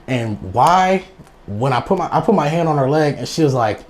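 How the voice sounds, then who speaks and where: A young man spinning a funny story from his past in loose, slangy talk, full of restarts and bursts of laughter. His pitch swings widely as he gets into it, rising high when he laughs. A faint hum of room noise sits behind him. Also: moderate pace. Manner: animated, laughs through the telling. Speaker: guest storyteller. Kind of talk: casual storytelling.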